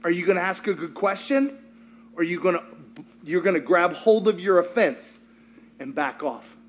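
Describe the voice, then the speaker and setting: A man preaching a sermon, high-pitched for a male voice. He talks with animated humor and acts out scenes for the congregation. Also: moderate pace. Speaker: pastor.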